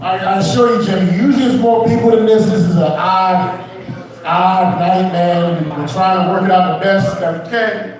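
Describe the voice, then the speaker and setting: At a small open mic, a young male stand-up comic with a high voice rambles loosely, swears, and works the crowd. His tone stays steady at a normal speed, and the distant mic picks up a lot of room echo.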